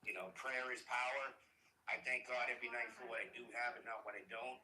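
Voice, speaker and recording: A man's voice: mid-range voice, steady tone, fairly quick, sharp tone, roomy sound, slight background noise. A man from Boston with a Boston accent calling into a show, talking emphatically and from the heart. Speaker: caller. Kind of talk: casual chat.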